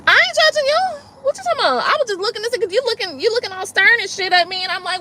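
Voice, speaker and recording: Woman tarot host, bright high voice, very lively delivery, swears and laughs a lot. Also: racing, slight background noise. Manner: animated, profane, laughs often. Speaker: tarot reader and live stream host. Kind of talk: casual live-stream chat.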